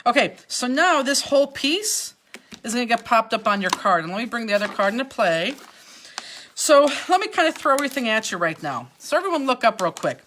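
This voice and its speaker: A woman's voice: fairly high pitch, big pitch swings, brisk, fairly bright tone, a little hiss or hum. A woman teaching a live online paper craft class, giving chatty step-by-step instructions.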